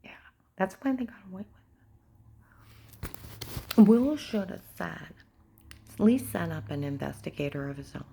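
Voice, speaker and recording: A woman giving an urgent, agitated personal account, often dropping to a hushed whisper. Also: lowish voice, sing-song, normal speed, long pauses, a little hiss or hum. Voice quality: gravelly, very husky. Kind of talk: personal account told to camera.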